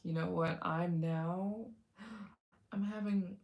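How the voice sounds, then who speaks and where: A woman's voice: fairly low pitch, fairly even intonation, very slow, creaky, muffled recording. A young adult woman hosting a casual livestream, chatting with viewers in a rambling way with many fillers and restarts. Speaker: livestream host.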